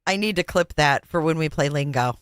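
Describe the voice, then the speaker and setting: A woman's voice: low voice, a little fast, no room sound, studio quality. A woman hosting a live reaction stream, amused and playful as she thanks viewers and reads their comments. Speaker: livestream host.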